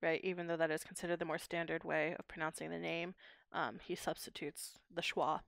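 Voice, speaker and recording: A woman's voice: low voice, level tone, brisk, gravelly, no room sound, studio quality. A young woman from Pittsburgh, a linguistics PhD student explaining her research in a podcast interview, articulate and academic. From Pittsburgh, USA. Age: young adult.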